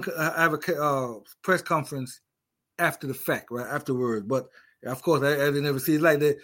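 A middle-aged man with an accent, a veteran, giving a casual, emphatic opinion monologue with many restarts. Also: on the high side. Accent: non-native English. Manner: emphatic, repetitive, restarts often. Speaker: veteran commentator.

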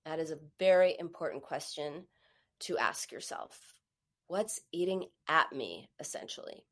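Speaking in a low-pitched, animated voice at a slightly slow pace, a woman hosts a live stream on emotional eating. Her self-help talk is earnest and coaching, with occasional moments where she acts out a harsh inner voice.

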